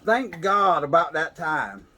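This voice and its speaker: A man's voice: a little high, big pitch swings, slow pace, sharp tone. A man casually telling a funny story on a podcast, laughing as he goes. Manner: laid-back drawl, laughs while telling. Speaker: podcast co-host. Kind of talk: casual storytelling over whiskey.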